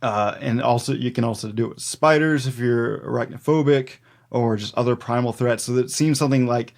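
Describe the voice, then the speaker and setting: A man co-hosts a folklore podcast in relaxed, unscripted chat. His pitch sits in an ordinary middle range, and he rambles through his notes with frequent fillers and easy laughs. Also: brisk, vocal fry. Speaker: podcast co-host.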